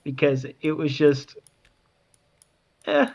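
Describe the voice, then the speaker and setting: A man's voice: on the high side, big pitch swings, slow pace, creaky, darkish tone. A man chatting casually with friends over a voice call, swearing often and rambling as he searches for words. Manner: profane, rambling.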